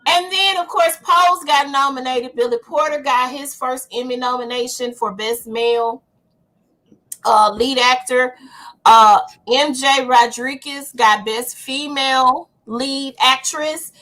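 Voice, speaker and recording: Podcast co-host, woman, Memphis Southern accent, slightly high and bright, upbeat. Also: unhurried. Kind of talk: casual chat.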